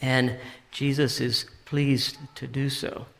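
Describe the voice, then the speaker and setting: A man's voice: medium pitch, level tone, takes it slowly, creaky, fairly bright tone. A man preaching a sermon in a conversational way, paraphrasing scripture and often restarting his sentences. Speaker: pastor. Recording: long reverb of a large hall.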